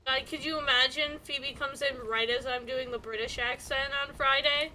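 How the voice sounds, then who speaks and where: A woman's voice: high voice, steady tone, moderate pace, pushed and bright, slight background noise. A young woman streaming a game, chatting playfully and laughing with friends. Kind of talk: casual chat while gaming.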